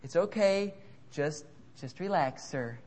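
A man's voice: on the high side, animated, slow pace, a little mellow. A man voicing a polite, flustered female flight attendant who stammers and keeps repeating "sir". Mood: soothing. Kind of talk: comic sermon illustration.

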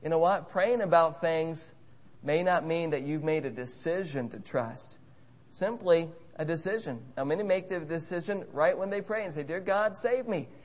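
A man preaching a sermon in an earnest tone, repeating key phrases and slowing down to stress them. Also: fairly high pitch.

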